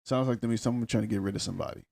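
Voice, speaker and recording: A man's voice: lowish voice, very fast, gravelly, darkish tone, dry recording. A man co-hosting a podcast, cutting in with blunt remarks in a casual chat. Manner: blunt, insistent interjections. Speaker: podcast co-host.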